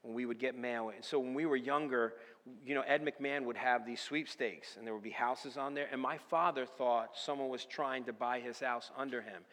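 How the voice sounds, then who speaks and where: A man preaching an earnest sermon as a pastor, moving between fervent declarations and quiet personal confession. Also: mid-range voice, steady tone, moderate pace, few pauses. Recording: long reverb of a large hall.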